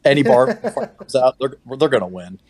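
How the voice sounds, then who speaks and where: A man co-hosting a casual podcast chat, telling stories in a relaxed way with plenty of fillers. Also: medium pitch, moderate pace, husky. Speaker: podcast co-host.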